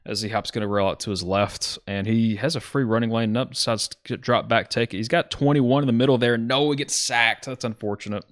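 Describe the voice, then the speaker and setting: A man's voice: medium pitch, fairly quick, hardly any pauses, fairly bright tone, dry recording, studio quality. A man from Alabama with a Southern accent, giving casual, rambling play-by-play commentary on a streamed game and often correcting himself as he goes. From Alabama, USA. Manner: rambling, self-correcting, chatty with his chat.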